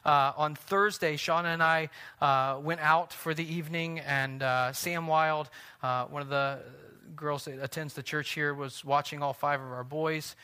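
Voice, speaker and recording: A man in his thirties delivers a sermon with a bright, forceful voice set a little high. He preaches earnestly, pressing hard on key phrases and then easing into quiet, intimate stretches. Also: fairly even intonation, unhurried, smooth. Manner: earnest preaching, building to emphatic peaks then dropping soft. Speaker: pastor.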